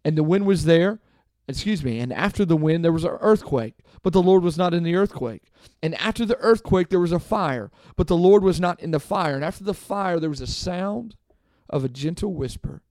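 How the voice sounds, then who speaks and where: A man with a slightly high voice hosts a devotional podcast, reading a passage and then unpacking it in an easygoing, chatty way. He keeps checking in with the listener as he goes. The sound is close and dry, with no room around it. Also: expressive, moderate pace, a little mellow, no echo. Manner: casual and conversational, often adding "okay?". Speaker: podcast host and Bible teacher. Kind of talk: devotional Bible talk.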